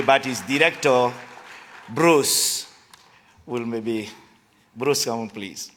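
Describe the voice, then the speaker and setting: A man with a French accent presenting an award at a luncheon. He reads his speech haltingly, with restarts, and jokes at his own expense. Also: mid-range voice, background noise. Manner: halting reading with restarts, self-deprecating. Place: large banquet hall at a luncheon. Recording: hall reverb in a banquet room.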